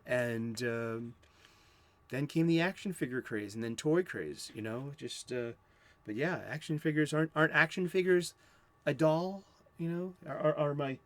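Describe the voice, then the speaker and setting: A man from the United States hosting a comic book show, talking in a rambling, profane, self-interrupting way. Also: a little high. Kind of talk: casual rambling chat.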